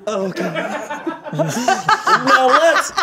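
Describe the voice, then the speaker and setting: A man with a high voice riffs through a silly comedy bit, rambling and breaking into giggles. There is loud noise and clicking in the room behind him. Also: big pitch swings, very slow. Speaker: comedy sketch performer. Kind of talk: playful improvised comedy bit.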